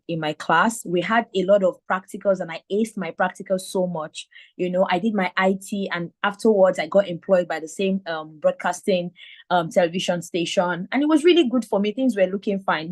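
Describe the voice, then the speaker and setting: A woman in her thirties from Nigeria with a Nigerian accent and a slight lisp, telling her story as a mentor in a live video call. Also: mid-range voice. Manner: animated storyteller acting out quotes. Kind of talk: live online mentoring talk.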